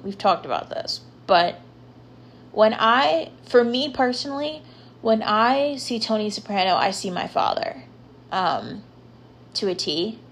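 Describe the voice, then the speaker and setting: A woman's voice: mid-range voice, lively intonation, unhurried. A young woman hosting a podcast, talking casually and rambling with lots of filler words. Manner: chatty, rambling, lots of ums and likes. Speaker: podcast host. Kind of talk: casual solo podcast talk.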